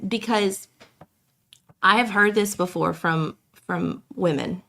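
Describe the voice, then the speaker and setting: A hoarse woman, co-hosting a podcast in rambling casual chat with many fillers and restarts. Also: medium pitch, slow pace, fairly bright tone. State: hoarse, coughing. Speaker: podcast co-host.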